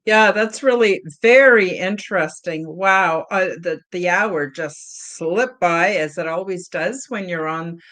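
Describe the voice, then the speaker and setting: A woman's voice: lowish voice, takes it slowly, hardly any pauses, fairly bright tone. A woman hosting an interview podcast, listening attentively with frequent affirming murmurs and asking long, searching questions. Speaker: podcast host.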